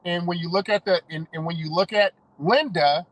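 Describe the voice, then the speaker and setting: A man with a high, lively-sounding voice chats casually as a podcast co-host. He rambles enthusiastically. The recording is dry and close. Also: moderate pace, no room sound, low-quality recording. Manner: rambling, enthusiastic, laughs often. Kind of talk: casual chat.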